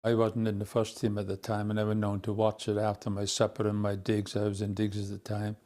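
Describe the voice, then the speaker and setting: A man's voice: on the low side, monotone. An older man with an Irish accent, a former footballer fondly telling stories in an interview. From Ireland. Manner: fond, unhurried storytelling with soft laughs. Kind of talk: reminiscing interview.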